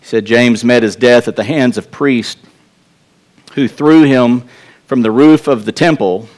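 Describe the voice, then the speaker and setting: A man's voice: medium pitch, measured pace, darkish tone. A male pastor with a Texas accent delivers a sermon in a church. His mid-range voice is earnest and conversational. He often restarts his phrases and turns aside to speak directly to the congregation.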